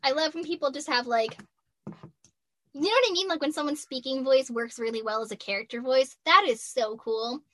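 A woman's voice: sits high, a little fast, a bit bright, no room sound. A woman in her twenties, a voice actress guest, chatting casually and giggling often, with a youthful-sounding voice. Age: 20s. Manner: giggly, laughs often while talking. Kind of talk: casual interview chat.

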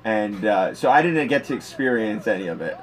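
A man's voice: fairly low pitch, a little fast. A man telling crude stories in casual comedic chat as a podcast co-host, laughing as he talks. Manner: crude, animated, laughs through his stories.

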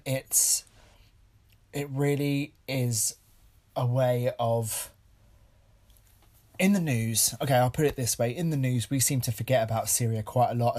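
A man's voice: mid-range voice, a little mellow. Earnest man reviewing films. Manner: halting, many ums, emotional and earnest. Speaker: film podcast host. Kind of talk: casual film review podcast.

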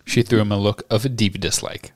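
A man's voice: on the low side, steady tone, normal speed, a little mellow. A man hosting a podcast, reading a novel aloud and discussing it. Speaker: podcast host and reader.

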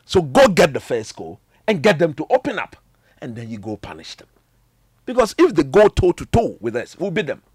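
A man's voice: fairly high pitch, huge pitch swings, moderate pace, darkish tone, slightly rough, no echo. A man, an emphatic, boastful football pundit in heated banter.

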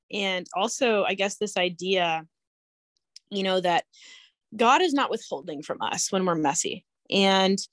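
Young female co-host, reflective and halting, dry sound. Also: mid-range voice, a bit bright, dry recording. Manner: reflective, halting, many restarts. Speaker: podcast co-host. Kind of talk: casual faith conversation.

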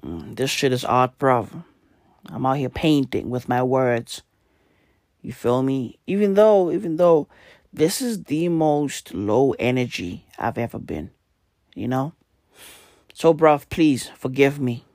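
Slow, hoarse, tired man. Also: mid-range voice, expressive, a little mellow, no room sound, studio quality. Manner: profane, repetitive, tags lines with "bruv" and "right?". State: hoarse, voice nearly gone; tired, low energy. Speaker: podcast host. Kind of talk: casual comedic monologue.

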